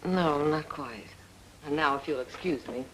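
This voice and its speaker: An actress playing a composed young woman asking for help, speaking in a polite, cool and measured 1940s film style. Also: sits low, slight background noise, rough recording.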